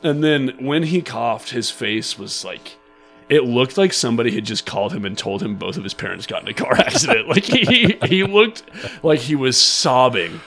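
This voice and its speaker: A young man co-hosting a casual podcast, expressive and quick to laugh. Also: medium pitch, gravelly, faint music behind. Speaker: podcast co-host. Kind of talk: casual chat.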